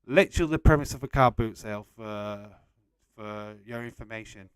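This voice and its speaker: Man, young adult, live-stream host, chatty, lower voice, smooth tone. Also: normal speed, no echo. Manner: chatty, reads out and answers chat messages, laughs often. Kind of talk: casual live-stream chat.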